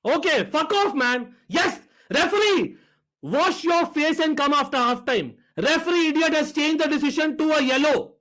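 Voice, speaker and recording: Indian man, fan reaction host, worked-up ranting, bright tense voice. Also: very high-pitched, normal speed, poor audio. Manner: agitated, ranting, mixing English and Hindi. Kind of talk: live match reaction.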